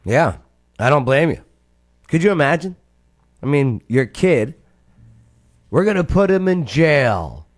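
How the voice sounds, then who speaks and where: A man hosting a reaction video, giving animated, conversational commentary. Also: on the high side, measured pace, pauses often.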